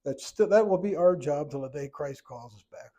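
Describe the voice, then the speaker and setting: Folksy, mellow-voiced Bible class teacher. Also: male voice, a little high, lively intonation, moderate pace. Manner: folksy, chuckling asides, trails off and restarts. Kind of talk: church Bible study lesson.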